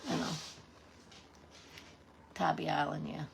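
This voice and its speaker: Low gravelly Southern woman chatting live. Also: level tone, slow pace, background noise. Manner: folksy and chatty, greeting viewers by name. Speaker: livestream host. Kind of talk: casual live-stream chat, reading out viewer comments.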